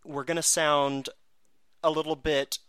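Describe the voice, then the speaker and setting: A man's voice: fairly high pitch, little pitch movement, a little slow, a bit bright, smooth, dry recording. A man hosting a casual podcast chat, snarky and self-mocking as he talks. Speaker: podcast host.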